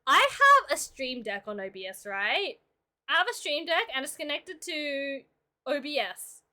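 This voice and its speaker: In a casual drawing livestream, a young streamer and illustrator talks playfully with her chat. Her high voice is sing-song, pushed and bright, delivered at a measured pace, and she's talkative throughout.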